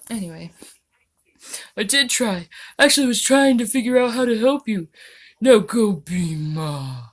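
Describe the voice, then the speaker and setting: Woman vlogger answering comments, sarcastic and mocking, with an unhurried, pointed delivery. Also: on the high side, sing-song. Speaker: channel host. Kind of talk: vlog reacting to viewer comments.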